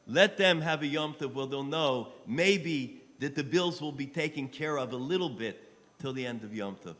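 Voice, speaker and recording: A man making an impassioned fundraising appeal on a live telethon, pleading and rising to shouts. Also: medium pitch, animated, moderate pace, long reverb tail. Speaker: rabbi appealing for donations. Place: telethon studio.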